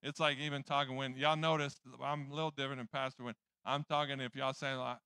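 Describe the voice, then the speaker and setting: A man's voice: medium pitch, flat delivery, quick pace, bright, forceful tone, clear, resonant tone, no echo. A man preaching a sermon in church, rambling and joking at his own expense. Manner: rambling, joking, self-deprecating.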